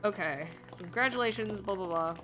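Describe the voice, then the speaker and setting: A woman's voice: medium pitch, fairly quick, music in the background. A young woman streaming a game, reading lines aloud and reacting in a chatty, playful way. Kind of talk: live game commentary and reading dialogue aloud.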